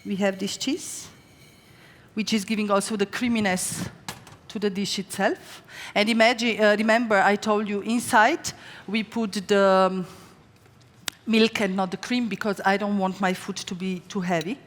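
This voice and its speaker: On a stage in a large hall, a woman chef who is a native Slovene speaker gives a live cooking demo, chatting through stories with lots of fillers and restarts. Her mid-range voice is fairly even at normal speed, and the hall adds long reverb.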